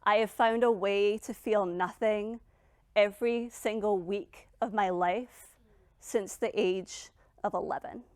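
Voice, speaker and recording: A middle-aged woman giving a dramatic motivational speech as a founder, emphatic and blunt, with long pauses. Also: mid-range voice, fairly even intonation, dry recording. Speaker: founder and keynote speaker.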